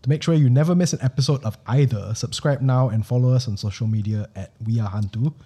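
A man's voice: mid-range voice, fast, slightly rough. A man hosting a podcast, reading a scripted announcement in a formal newsreader voice. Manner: even, formal announcer delivery. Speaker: podcast host. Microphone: studio podcast mic.

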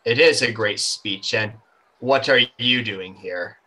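A stern male dictator, as a man puts him on, stiff and commanding as he addresses an intruder. The voice is bright and clear, with an everyday pitch. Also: slow, exaggerated voice, low-quality recording.

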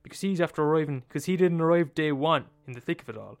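A man's voice: fairly high pitch, quick pace, no room sound. A man with an Irish accent retelling a story in a casual, profane, repetitive, conversational way.

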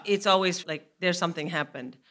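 A woman in her forties, a guest comedian, telling comic anecdotes on a live podcast stage in an animated way, laughing and acting out her own panic. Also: on the low side, brisk.

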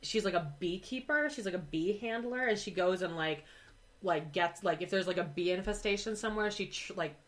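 A woman's voice: on the low side, fairly quick. Teasing podcast co-host woman. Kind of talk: casual chat.

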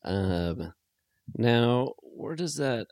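A man co-hosting a podcast, chatting casually about a movie and rambling through his thoughts with halting restarts. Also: medium pitch, animated, darkish tone, no room sound, studio quality. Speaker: podcast co-host.

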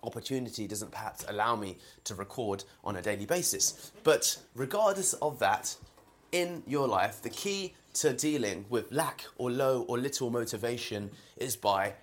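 A man's voice: mid-range voice, normal speed, a little hiss or hum. A man from London with a London accent, talking through a casual solo podcast in a home, rambling with many fillers and restarts. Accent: London English. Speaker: podcast host. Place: indoors in a home kitchen while boiling eggs.

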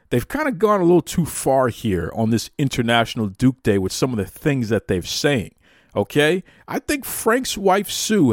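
A man hosting his own show, bouncing through jokey, mock-indignant banter. His pitch swings widely as he talks, and the sound is close and dry, with no room around it. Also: no room sound. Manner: animated, mock-outraged banter. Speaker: podcast host. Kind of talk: casual chat.

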